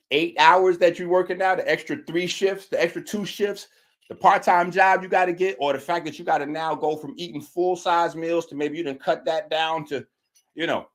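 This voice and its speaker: A man's voice: a little high, fairly bright tone. A man hosting a show, giving a mocking, preachy commentary on a clip he has just played. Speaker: show host.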